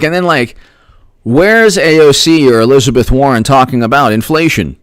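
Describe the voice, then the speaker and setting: Speaking at normal speed with lively intonation, this political livestream host has a clear, resonant, fairly bright voice on a dry, close mic with no echo. He reads chat casually, stops often to thank viewers by name, and emphasizes points by repeating himself and swinging his pitch through rhetorical questions.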